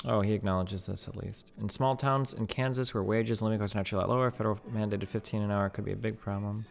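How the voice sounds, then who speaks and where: A man's voice: lowish voice, steady tone, fast talker, vocal fry, hardly any pauses, soft background music. A man streaming live, reading an article aloud and questioning it as he thinks aloud, with many "like"s.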